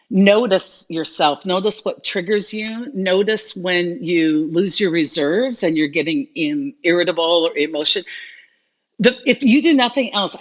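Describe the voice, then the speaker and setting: Middle-aged woman talking straight to her live viewers, earnest and encouraging, mid-pitched. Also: fairly bright tone. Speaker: host. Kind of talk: live-stream coaching talk.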